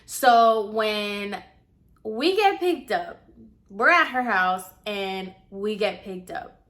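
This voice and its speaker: A woman's voice: mid-range voice, expressive, slow, a bit bright. A young adult woman vlogger retelling a personal story in casual, chatty storytime style, with many fillers.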